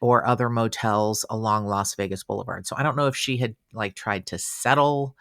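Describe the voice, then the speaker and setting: A man hosting a casual true-crime podcast, chatty and animated, with fillers and exclamations. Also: lowish voice, moderate pace, vocal fry, no echo, studio quality. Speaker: podcast host.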